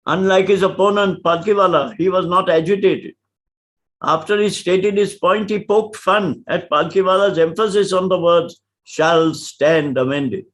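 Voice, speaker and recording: Older man, formal law lecture, deliberate pacing, leans on key words, fairly high pitch. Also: steady tone, fairly bright tone. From India. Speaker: senior advocate giving a lecture.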